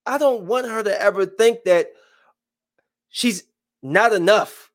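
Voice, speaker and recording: A man in his thirties giving casual, joking live-stream commentary, swinging between loud bursts and hushed asides. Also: sits high, slow pace, pauses often. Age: 30s.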